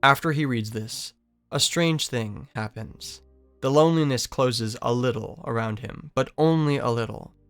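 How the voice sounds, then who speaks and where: A man narrating scripted literary analysis in a measured, reflective way. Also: medium pitch, fairly bright tone, faint music behind. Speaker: video essayist.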